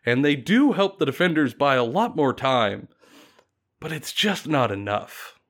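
Lively, slow-talking male storyteller. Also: mid-range voice. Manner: animated, laughing, dramatic retelling. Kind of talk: casual storytelling chat.

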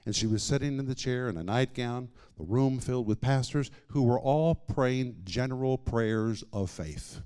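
A male preacher recounting a story from the pulpit in a middle-pitched voice. He drops to near-hushed asides and then rises into loud, emphatic declarations, giving the telling a dramatic shape. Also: normal speed, hardly any pauses, clear, resonant tone. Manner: dramatic storytelling with sudden swings between quiet and loud. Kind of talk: sermon storytelling.

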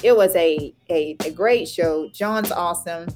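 A woman co-hosting a casual podcast speaks in an easygoing, grateful tone. Her voice sits low for a woman. Music is clearly audible under her talk. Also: measured pace. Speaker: podcast co-host.

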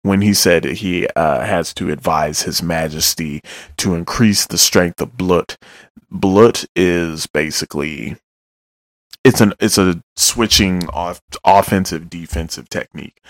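A man's voice: low voice, measured pace, no echo, clean studio sound. A man giving a loose, joking recap of manga chapters, with casual asides and some swearing.

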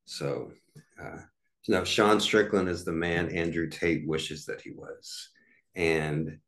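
A man's voice: low-pitched, steady tone, measured pace, a bit bright. A man in his forties hosting a casual solo podcast, rambling with lots of fillers and restarts. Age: 40s. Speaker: podcast host.

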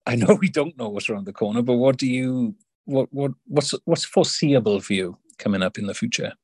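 Male interviewer, husky, supportive, winding questions; dry close sound. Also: medium pitch, a little fast, a little mellow, dry recording. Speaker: podcast host, interviewer. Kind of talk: conversational interview.

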